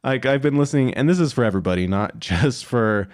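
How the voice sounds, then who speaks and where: A man's voice: mid-range voice, lively intonation, fast, no room sound, clean studio sound. A young man co-hosting a casual advice chat, earnest and encouraging, with many "like" and "you know" fillers. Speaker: podcast co-host.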